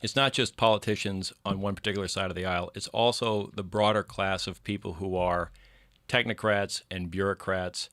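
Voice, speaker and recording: A male podcast guest speaking in a measured, articulate way about politics. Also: sits low, steady tone, a bit bright, no echo. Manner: measured, articulate, some restarts. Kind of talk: casual political chat.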